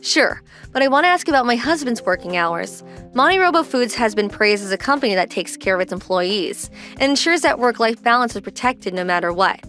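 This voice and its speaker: A woman's voice: a little high, expressive, brisk, few pauses, fairly bright tone, soft background music. An actress voicing a worried, protective young wife who confronts her husband's boss insistently.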